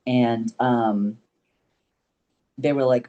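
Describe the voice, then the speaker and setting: A young man, a podcast guest, telling stories in casual chat, animated and swearing freely. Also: medium pitch, takes it slowly. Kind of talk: casual storytelling.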